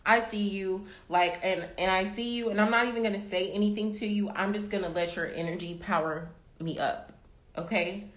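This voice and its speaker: A sassy, emphatic young woman talks straight to her live viewers, calling them baby and y'all. Her voice sits at a middling pitch. It rings with the echo of a roomy room at home. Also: steady tone, a little fast. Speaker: tarot reader hosting a livestream. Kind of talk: casual motivational chat to live viewers.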